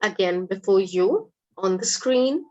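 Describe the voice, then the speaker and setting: An animated woman of medium pitch speaks slowly over lo-fi sound, teaching a live online English lesson with patient, encouraging classroom explanations.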